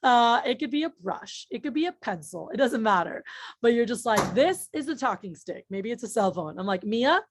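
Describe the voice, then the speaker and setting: A woman gives a casual leadership training talk, chatty and blunt, swearing freely and checking in with her listeners often through filler words and rhetorical checks. Her voice is on the high side and animated, at a moderate pace, with no room sound.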